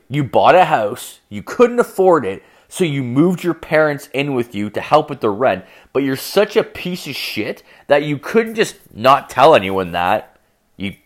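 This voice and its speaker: A young man telling a profane, rambling story as a rant, full of fillers and crude asides. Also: medium pitch.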